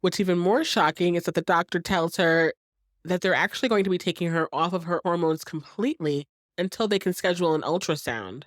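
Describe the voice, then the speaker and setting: A woman with a low-pitched voice casually recaps a TV episode as a podcast host, animated and quick to slip into the characters' lines. The recording is dry and close, with no room sound. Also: no room sound. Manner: animated, acts out characters' lines, laughs often.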